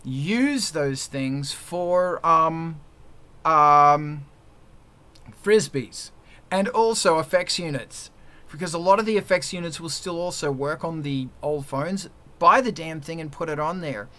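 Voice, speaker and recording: A man hosting a casual livestream chat, joking and crude, with sudden jumps in loudness. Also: a little high, takes it slowly. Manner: joking, crude, loud swings in volume. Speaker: livestream host.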